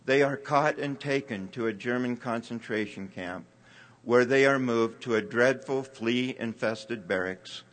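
Man, sermon, slow deliberate delivery, earnest, mid-pitched voice. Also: fairly bright tone. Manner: measured, earnest reading with quoted passages. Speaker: church speaker.

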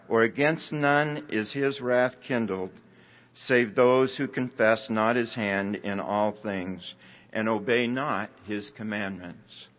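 Slow, earnest man giving a sermon. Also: fairly low pitch, a bit bright. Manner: measured, earnest reading with quoted passages. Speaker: church speaker.

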